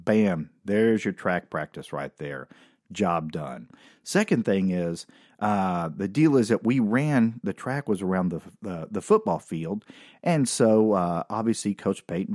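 A man's voice: fairly low pitch, darkish tone, no room sound. A middle-aged man from Oklahoma, telling a funny story from his own life in a wry, casual way with dry asides and lots of fillers. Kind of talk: comedic personal storytelling.

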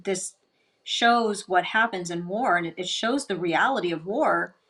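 A woman's voice: lowish voice, a little slow, a bit bright. Chatty, exclamatory woman co-host. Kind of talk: casual film review chat.

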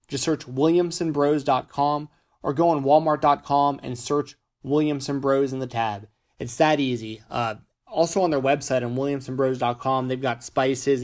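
A male podcast host running through sponsor plugs in a loose, conversational way. His voice sits in a middle pitch and is starting to wear out, and he trips and restarts his words now and then. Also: a little mellow. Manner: chatty, stumbles and restarts words. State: losing his voice. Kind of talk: casual podcast sponsor reads.

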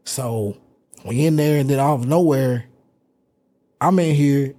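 Husky young man telling a wild story. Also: medium pitch, unhurried. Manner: animated storyteller, acts out quotes. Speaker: podcast host. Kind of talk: casual storytelling.

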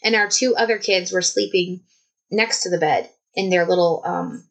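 A woman, telling a personal story in a casual, animated vlog style. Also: lowish voice, moderate pace, rough recording. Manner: chatty, animated, many "like"s. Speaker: vlogger.

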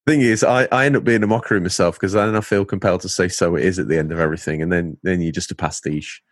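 A man's voice: deep voice, quick pace, no echo, clean studio sound. A young man with an English Lincolnshire accent, co-hosting a casual chat in a jokey, playful way. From England. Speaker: podcast co-host.

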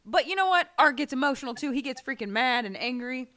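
A woman's voice: high voice, animated, fast talker, a bit bright. A woman co-hosting a casual podcast, explaining things in a laid-back, plain-spoken way. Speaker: podcast co-host.

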